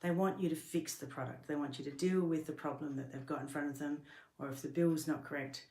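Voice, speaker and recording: A middle-aged woman with a low voice gives a workplace training talk. She explains earnestly and patiently, now and then stumbling and restarting a phrase. The room around her rings with a noticeable echo. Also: fairly even intonation, brisk, dark tone. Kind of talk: instructional talk to camera. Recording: roomy echo.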